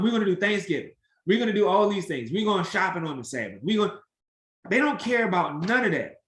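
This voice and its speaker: A man teaching an interactive Bible study, animated and emphatic, acting out the voices he quotes. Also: high voice, fairly quick, reverberant.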